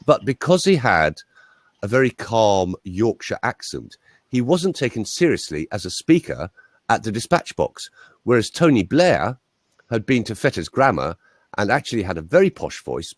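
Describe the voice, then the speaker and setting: A man's voice: fairly low pitch, dry recording, studio quality. A man, a voice coach telling chatty anecdotes as an interview guest. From England. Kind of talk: interview guest, conversational storytelling.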